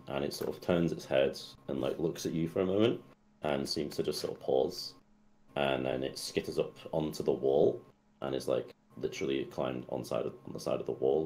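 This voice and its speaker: A man's voice: a bass voice, normal speed, darkish tone. A young man running a tabletop game as dungeon master, describing scenes loosely with many fillers. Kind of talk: casual tabletop game narration.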